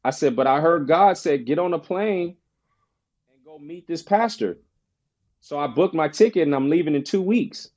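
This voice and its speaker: A man telling a personal story in casual conversation as a podcast guest, animated and slangy, acting out quoted friends. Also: on the high side, moderate pace, lo-fi sound. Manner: casual slang, frequent "bro" and "you know".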